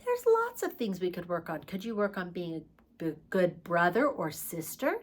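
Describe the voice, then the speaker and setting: A woman teaching a preschool lesson, asking the children questions in a slow, sing-song way and singing short songs. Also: lowish voice, very animated, breathy edge.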